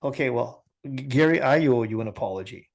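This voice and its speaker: Podcast host, animated storyteller. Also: male voice, mid-range voice, fairly quick, creaky. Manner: animated storyteller, laughs often. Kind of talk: casual chat.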